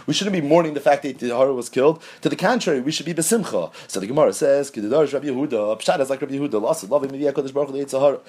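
A man giving an animated Talmudic lecture as a Torah teacher, posing questions and answering them himself. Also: medium pitch, breathy edge. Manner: animated, rapid, asks and answers his own questions.

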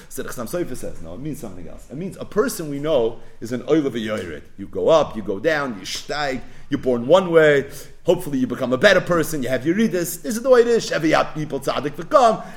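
A man teaches a Talmud lesson in a lively, rising and falling voice. He sits a little higher than most men and weaves Hebrew and Yiddish words through his English explanations. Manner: animated, mixing Yiddish and Hebrew terms into English. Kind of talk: Torah lesson.

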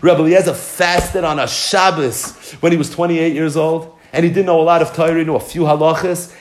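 A man with a high-pitched voice delivers an impassioned Torah storytelling lesson. He keeps working Hebrew terms into his English and pushes his voice up in excited bursts to stress key points. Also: a little fast, few pauses. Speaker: rabbi teaching a story.

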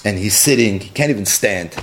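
A man giving a storytelling sermon, a dramatic teller who drops low and slow for emphasis and mixes Hebrew and Yiddish terms into his English. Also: expressive.

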